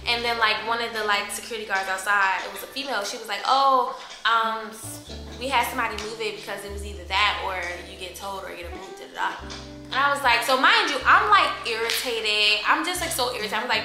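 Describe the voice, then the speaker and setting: A woman vlogger in telling a story to the camera in a lively, profane way, acting out what others said. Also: a little high, quick pace. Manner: animated, profane, acts out quoted voices. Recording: echoey room with loud music behind.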